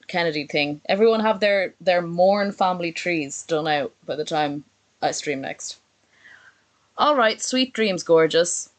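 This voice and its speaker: A woman chatting casually on a live stream, sarcastic and chatty as she reacts and reads messages aloud. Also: on the low side.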